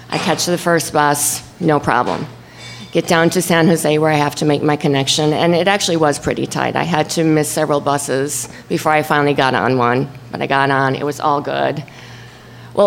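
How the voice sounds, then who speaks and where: A woman telling a personal story at a live event, acting out her own shouts and the voices of the people in it. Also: sits low, slight background noise. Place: stage before an audience.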